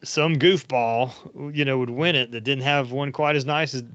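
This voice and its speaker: A man wanders through long anecdotes in easygoing podcast chat, full of fillers and asides. His voice sits at an ordinary middle pitch, and the recording is dull and lo-fi with a dry, close sound. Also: fairly even intonation, moderate pace, fairly bright tone, no room sound. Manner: rambling and anecdotal, with frequent fillers. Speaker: podcast host. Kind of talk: casual storytelling chat.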